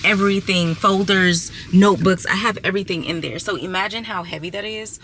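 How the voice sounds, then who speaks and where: A woman's voice: mid-range voice, fairly even intonation, brisk, a bit bright, slight background noise. A young adult woman vlogging casually to her viewers, chatty and exasperated as she talks to them as y'all. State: six months pregnant. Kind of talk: casual storytelling vlog.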